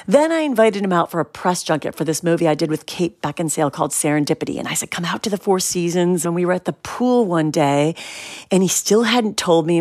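A middle-aged woman in a radio interview, telling a personal story in an animated way and acting out the voices she quotes. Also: medium pitch, dry recording, studio quality. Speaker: interview guest.

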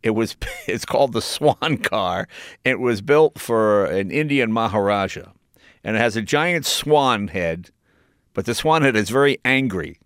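An older American man telling lively, laughing anecdotes as an interview guest. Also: fairly low pitch, a little slow, clean tone, no room sound, studio quality. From United States. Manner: animated anecdotes, laughing, jumping into voices. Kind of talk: casual storytelling in an interview.

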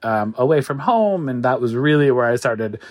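A man's voice: mid-range voice, expressive, normal speed. Chatty self-mocking man with easy laughs. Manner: chatty and self-mocking, many "like" and "sort of" fillers, laughs often. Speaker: guest, food creator and cookbook author. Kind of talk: casual podcast interview.

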